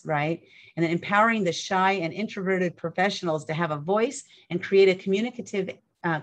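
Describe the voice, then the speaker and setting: A woman hosting an online event, chatty and upbeat, rambling with fillers. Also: fairly low pitch. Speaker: event host.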